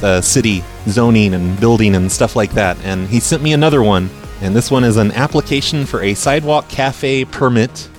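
A man hosting a prank call show, talking in a deadpan, needling way. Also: medium pitch. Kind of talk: casual prank call podcast.

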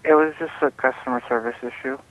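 A man's voice: medium pitch, steady tone, quick pace, no echo. Hesitant man on a tinny phone line. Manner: guarded, hesitant. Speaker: prank call target.

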